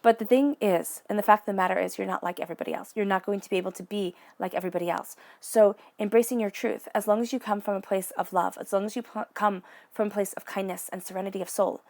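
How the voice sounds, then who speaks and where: A woman giving an encouraging psychic tarot reading in a gentle, spiritual way of speaking. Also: medium pitch, steady tone, quick pace. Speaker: tarot reader.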